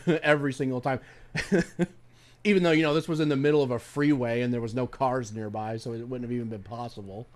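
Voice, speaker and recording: A man's voice: medium pitch, fairly even intonation, brisk. A man streaming a game, talking casually in a rambling, profane way, often restarting his sentences. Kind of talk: casual commentary while playing a game.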